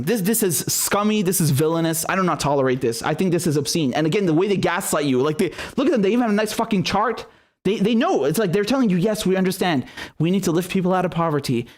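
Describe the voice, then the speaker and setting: Sweary guy ranting about politics, fired up and sarcastic, voice sits kinda high. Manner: angry, sarcastic, profane, mocking. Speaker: political commentary host.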